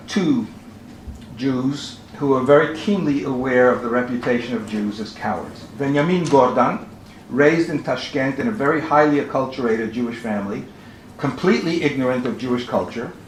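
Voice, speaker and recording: A man lectures at an academic conference in a measured, steady way, reading quotations aloud. His voice sits in a roomy hall, with a faint ambience behind it. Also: medium pitch, a little hiss or hum. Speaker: conference speaker.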